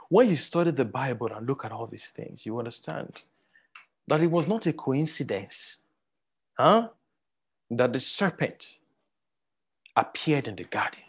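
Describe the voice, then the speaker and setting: A man with a Nigerian accent teaching a sermon, animated and repeating words for emphasis, with many fillers. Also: mid-range voice, a little slow, long pauses, breathy edge. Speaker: Bible teacher.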